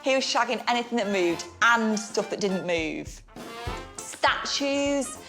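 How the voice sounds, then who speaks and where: A woman's voice: medium pitch, lively intonation, normal speed, fairly bright tone, faint music behind. Tipsy, sweary woman storyteller. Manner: rambling, giggly, sweary. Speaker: drunk storyteller. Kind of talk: tipsy comic history retelling.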